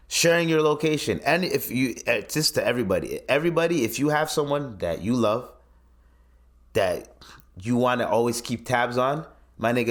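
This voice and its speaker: A man hosting a podcast, ranting in casual commentary, incredulous and swearing often. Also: medium pitch. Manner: animated, swearing, incredulous rants. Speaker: podcast host.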